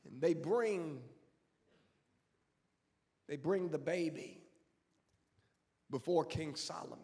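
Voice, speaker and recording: A male pastor preaching a sermon dramatically, swinging from hushed tones to shouts. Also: on the high side, slow pace. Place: church sanctuary. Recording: long church reverb.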